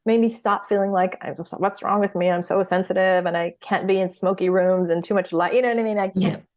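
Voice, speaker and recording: A woman's voice: mid-range voice, steady tone, a little fast, darkish tone. A middle-aged woman speaking as a podcast guest in casual conversation, telling stories with energy and acting out her own reactions. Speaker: podcast guest, healer and coach. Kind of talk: casual interview chat.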